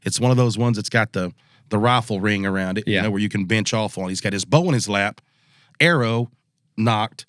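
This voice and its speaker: A man's voice: on the low side, a little fast, dry recording, studio quality. A man telling a spooky hunting story on a podcast, slipping into the voices of the people he quotes. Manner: relaxed Southern storyteller, acts out quotes. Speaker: podcast co-host. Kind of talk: casual storytelling.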